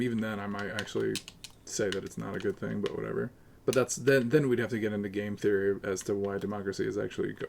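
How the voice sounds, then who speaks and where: A man's voice: on the low side, vocal fry, a little hiss or hum. Profane, sarcastic male streamer ranting. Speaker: livestreamer. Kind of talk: casual live-stream rant to chat.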